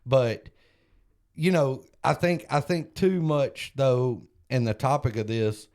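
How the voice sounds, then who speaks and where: A man co-hosting a recovery podcast, telling a story in an earnest, casual way and growing animated when he retells conversations. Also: mid-range voice, takes it slowly. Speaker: podcast co-host and sponsor.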